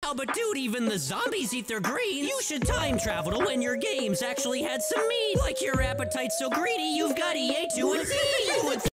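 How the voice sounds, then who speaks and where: Shaggy for an animated rap battle: high, swooping, cocky drawl, hard-stressed syllables, over a loud beat. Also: male voice, moderate pace, few pauses, over loud music. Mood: taunting rap. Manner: cocky, taunting. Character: lanky laid-back Shaggy rapping a diss battle. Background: hip hop beat.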